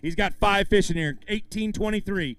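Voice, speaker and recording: A man's voice: high-pitched, normal speed, fairly bright tone, clean tone, no room sound. A man emceeing a live fishing tournament weigh-in outdoors, hyping up the crowd and the anglers as he calls out weights. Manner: upbeat, hypes up the crowd and anglers.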